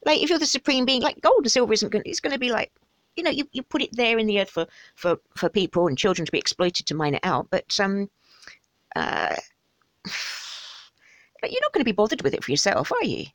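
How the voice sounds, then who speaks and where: A woman's voice: mid-range voice, very animated, fairly quick, no echo. A woman giving casual, sarcastic commentary on an article she reads along with, with wry asides. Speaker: host commenting on a study article.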